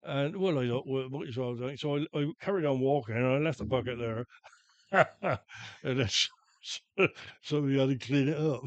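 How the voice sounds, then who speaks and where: An older man with a broad Wiltshire accent, telling rambling stories on a podcast, halting and repeating his words. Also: mid-range voice, no echo, muffled recording. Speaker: podcast guest, grandfather. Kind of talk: rambling anecdotal chat.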